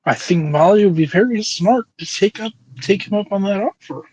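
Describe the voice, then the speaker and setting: A man's voice: sits high, brisk, darkish tone, husky, dry recording, low-quality recording. A man co-hosting a casual review show, joking around and cutting in playfully. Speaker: co-host.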